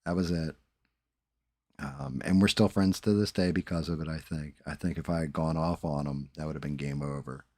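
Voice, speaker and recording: Deep-voiced man chatting casually. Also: fairly even intonation, normal speed, a little mellow, dry recording, clean studio sound. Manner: laid-back storytelling with swearing. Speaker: live stream host. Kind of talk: casual live-stream chat.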